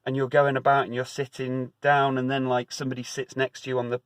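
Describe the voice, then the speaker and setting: A man's voice: medium pitch, little pitch movement, quick pace, dry recording. Casual man giving a spiritual talk. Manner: conversational, repetitive, emphatic, with laughs and fillers.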